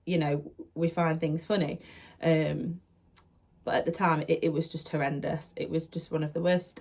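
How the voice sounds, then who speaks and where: A young woman telling a personal story to camera in a casual, chatty way. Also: on the low side. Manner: chatty, animated retelling with acted-out quotes. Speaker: vlogger.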